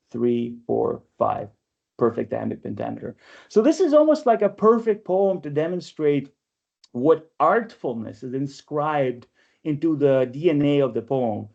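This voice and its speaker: Gravelly-voiced man teaching online. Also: fairly high pitch, dark tone. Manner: explanatory, keeps asking "right?". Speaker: workshop instructor. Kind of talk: online poetry lecture. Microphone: video call. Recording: lo-fi video call audio.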